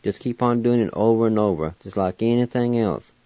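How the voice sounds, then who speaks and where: In a slow spelling and pronunciation lesson on the radio, a male teacher patiently spells words out letter by letter and pronounces them. His dark-toned voice is on the low side and fairly quick, heard through dull, echo-free audio.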